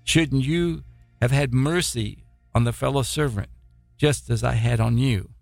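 A man preaching a sermon, reading scripture and explaining it in a halting way, with repeated words and fillers. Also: mid-range voice, vocal fry, darkish tone, no room sound, clean studio sound, faint music behind.

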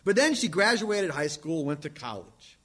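Animated high-voiced male preacher. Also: normal speed. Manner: emphatic preaching, swings from loud to hushed. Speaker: pastor. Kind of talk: sermon.

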